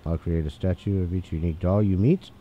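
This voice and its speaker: A man casually commenting on a game he is playing, chatty and excitable, reading the on-screen text aloud. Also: low voice, brisk, soft background music. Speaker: gaming channel host. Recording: tinny phone-like mic, faint hiss.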